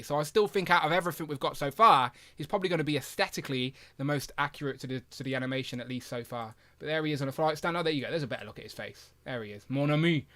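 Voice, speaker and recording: A man hosting a live stream, chatting casually and enthusiastically with lots of fillers. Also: fairly high pitch. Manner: animated, with big jumps in loudness. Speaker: host of a toy review live stream.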